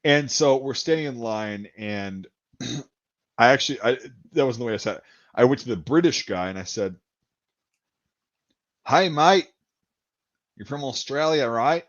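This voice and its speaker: A man in casual chat spinning a long, profane anecdote and slipping into the voices of the people in it. His pitch sits in the middle range. The recording is dull and lo-fi. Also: moderate pace. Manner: profane, rambling anecdotes with acted-out quotes.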